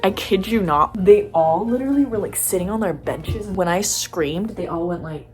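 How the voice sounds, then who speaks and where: A young woman telling a road trip story in a casual vlog, animated and profane, laughing often. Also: medium pitch, moderate pace. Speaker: vlogger.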